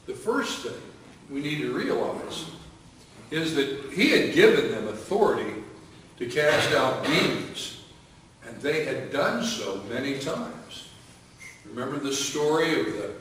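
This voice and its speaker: A man preaching a sermon as pastor, unhurried, with many fillers and restarts. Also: fairly high pitch, fairly bright tone, a little hiss or hum. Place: church sanctuary. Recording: echoey church hall, voice from a distance.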